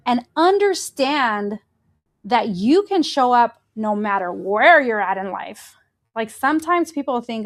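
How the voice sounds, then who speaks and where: A middle-aged woman hosting a faith-based motivational podcast, animated, laughing often and acting out inner voices. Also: fairly high pitch. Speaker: podcast host.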